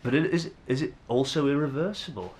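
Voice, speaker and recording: A man's voice: mid-range voice, fairly quick, a little mellow. A young Englishman with an English accent, musing to camera in a rambling, hesitant way with many fillers and restarts. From England. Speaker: vlogger.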